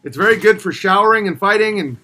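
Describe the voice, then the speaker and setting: A fairly high-pitched man hosts a loose livestream, reading out viewer messages. He answers them sardonically and keeps shifting between jokey put-on voices and low, grumbling asides. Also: lively intonation, quick pace, bright, forceful tone. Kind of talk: casual livestream chat.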